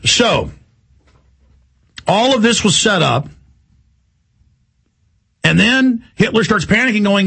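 A man hosting a radio show, delivering a fast, heated, rambling monologue in a gravelly, husky voice. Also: high-pitched, expressive, pushed and bright. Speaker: talk radio host.

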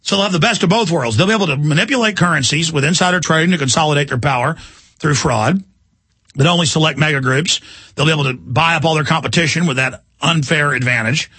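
A man in middle age rants on his talk radio show, his voice bright and edgy with a husky grain. He fires off heated, insulting tirades at his audience, pitched a bit high, recorded dry and close in a studio. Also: quick pace, no room sound. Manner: combative, insulting, heated ranting. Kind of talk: ranting talk radio monologue. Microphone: studio microphone.

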